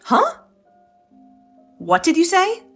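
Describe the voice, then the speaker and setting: A woman's voice: high-pitched, big pitch swings, brisk, faint music behind. A woman voicing a young wife who stands her ground, talking in an indignant, sarcastic way. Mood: indignant, defiant. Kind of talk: dramatized story dialogue.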